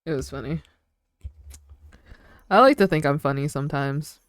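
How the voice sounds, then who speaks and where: Young woman rambling chattily, lowish voice. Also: normal speed, dry recording, studio quality. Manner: rambling, filler-heavy storytelling with frequent giggles. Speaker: streamer. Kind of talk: casual chat with stream chat.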